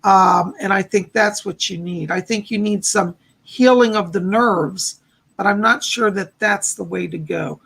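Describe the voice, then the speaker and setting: Hoarse gravelly psychic on a livestream. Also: male voice, high voice, unhurried. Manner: gentle, reassuring, relays messages with repeated "she said". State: losing his voice, hoarse. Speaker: psychic medium hosting a livestream. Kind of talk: live psychic readings answering chat.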